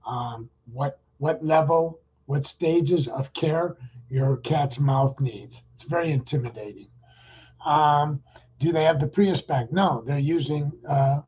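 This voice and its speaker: A man's voice: on the high side, darkish tone, slightly rough, muffled recording. A middle-aged man who chats casually and rambles with fillers, then leads a guided loving-kindness meditation for a group. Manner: rambling, chatty, with fillers and restarts.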